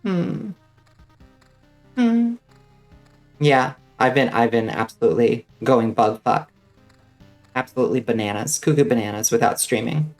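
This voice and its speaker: A woman's voice: very deep voice, animated, measured pace, long pauses, darkish tone, faint music behind. Chatty rambling woman streamer. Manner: rambling, chatty, lots of fillers and swearing. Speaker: vtuber streamer. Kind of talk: casual gaming stream chat.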